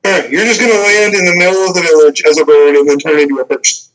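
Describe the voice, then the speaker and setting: Halting man running a tabletop game. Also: on the high side, steady tone, fairly bright tone, rough recording. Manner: halting, many fillers. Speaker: game master.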